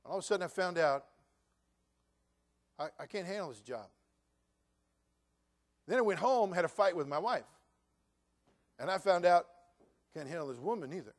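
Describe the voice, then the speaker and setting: A man in his sixties, a pastor preaching a sermon, telling humorous stories and then building to loud preaching. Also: high-pitched, animated, moderate pace, long pauses.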